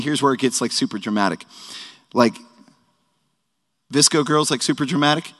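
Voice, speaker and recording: A man's voice: medium pitch, normal speed, pauses often, a bit bright. A man in his thirties teaching a sermon at a worship service, casual and joking, with frequent conversational asides. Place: worship hall. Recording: echoey hall reverb.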